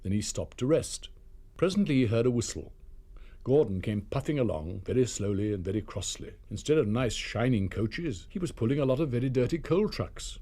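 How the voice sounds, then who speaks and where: A man reading a children's railway story aloud as narrator, expressive and measured. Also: mid-range voice.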